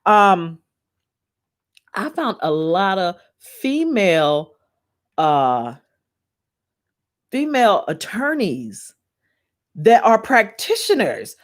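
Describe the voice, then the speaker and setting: A woman talks straight to her listeners from home, chatty and excited. She often breaks into laughter and calls them "y'all." She sits at a middling pitch for a woman and teaches as she goes. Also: drawn-out words, pauses often. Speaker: spiritual podcast host. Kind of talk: casual chat, reading aloud and teaching. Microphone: camera in her home.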